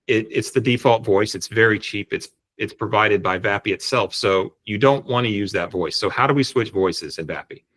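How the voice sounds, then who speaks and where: Man, lowish voice, casual explanatory tutorial talk, video call mic. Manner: relaxed, explanatory, frequent restarts. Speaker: tutorial presenter. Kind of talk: screen-share software tutorial.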